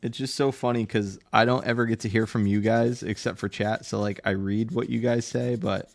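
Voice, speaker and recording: A man's voice: fairly low pitch, steady tone, normal speed, gravelly, no echo. A man chatting and joking with viewers on a live art stream, teasing them and laughing often. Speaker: livestreaming artist and tattoo artist. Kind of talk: casual livestream chat with viewers.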